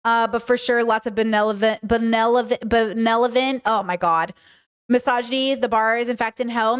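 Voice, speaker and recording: A young woman talks to her livestream chat in a blunt, animated, casual way, her voice sitting high. She rants freely and now and then drops into goofy voices and snatches of song. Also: moderate pace, clear, resonant tone. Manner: animated, blunt, breaks into silly voices and sung bits. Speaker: podcast host and live streamer.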